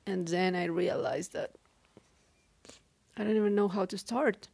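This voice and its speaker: A woman talking through a halting, weary personal diary monologue, with many restarts. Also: on the low side, gravelly, darkish tone, slight background noise. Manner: weary, downcast. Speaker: podcaster.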